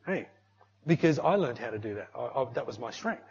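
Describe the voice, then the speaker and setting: A middle-aged man preaching a sermon in an animated, conversational way, often tagging his sentences with "eh" and "hey". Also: mid-range voice, fairly quick, gravelly, slightly rough. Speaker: pastor. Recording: muffled lo-fi recording.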